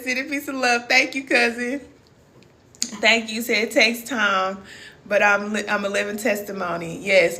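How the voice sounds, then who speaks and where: During a motivational live stream, a wellness coach in her forties with a Southern US accent reads viewer comments aloud like a preacher. Her mid-range voice is bright and forceful.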